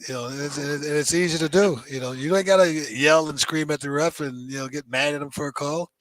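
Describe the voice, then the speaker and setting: A man's voice: a little high, fast talker, fairly bright tone, no room sound, low-quality recording. An older man hosting a casual basketball chat, telling rambling stories that he peppers with "you know.". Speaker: host.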